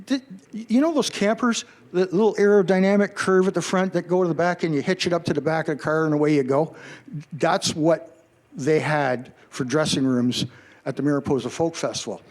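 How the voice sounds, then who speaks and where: A middle-aged man from Canada, a journalist telling a story to a live audience and acting out what people said. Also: fairly high pitch. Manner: animated, acts out quoted voices.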